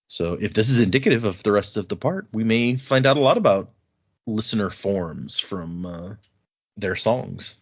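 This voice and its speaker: A man hosting a casual book podcast, recapping chapters and slipping into quick voices for the characters. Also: lowish voice. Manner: retells scenes with quick put-on voices for characters. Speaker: podcast host. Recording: dull lo-fi audio.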